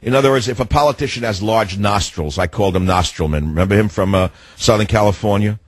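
A man hosting a political talk radio show, ranting sarcastically and mocking people with nicknames as his pitch jumps up and down. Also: quick pace, no room sound.

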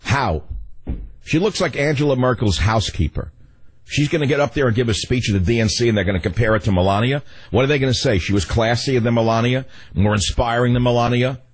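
A man's voice: mid-range voice, fast, husky. A man hosting a talk radio show, delivering a combative, sarcastic monologue full of rambling asides into a studio microphone.

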